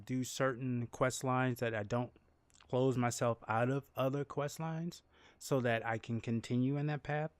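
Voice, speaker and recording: A man from New Orleans, Louisiana, talks in a mid-range voice with no room sound. During his casual game livestream chat he rambles, repeats and restarts words, and spins animated stories full of laughs.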